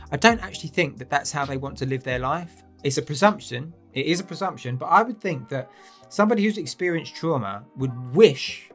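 A man rants comedically as host, his pitch swinging widely. He is sweary and sarcastic and breaks into mocking outbursts. Faint music sits underneath. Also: fairly bright tone. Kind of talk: comedic rant.

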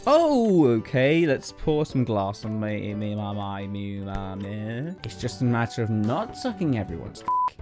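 An exasperated man commentates a game, sliding between high yelps and low grumbles. He mocks himself as things go wrong. Faint game music plays underneath. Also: huge pitch swings, unhurried. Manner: exasperated, yelping, self-mocking. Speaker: gaming YouTuber.

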